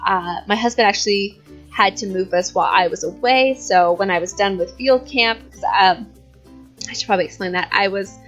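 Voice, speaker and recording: A woman's voice: medium pitch, moderate pace, fairly bright tone, muffled recording. Young woman rambling chattily, kinda out of breath, faint background music. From California. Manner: chatty and rambling, with fillers and giggles. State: a bit out of breath. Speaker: YouTube host. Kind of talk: casual chat over gameplay.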